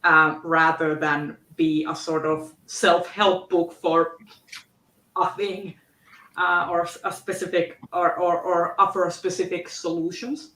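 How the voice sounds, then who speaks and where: A woman on a video call in a casual book club discussion, speaking haltingly with many restarts. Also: on the low side, little pitch movement, pushed and bright. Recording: roomy echo.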